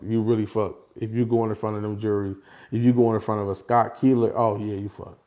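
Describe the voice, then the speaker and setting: A man talking casually and without a script to his followers, animated and repetitive, often breaking into laughter. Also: lowish voice, a little fast. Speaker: vlogger addressing his followers. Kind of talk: casual unscripted monologue.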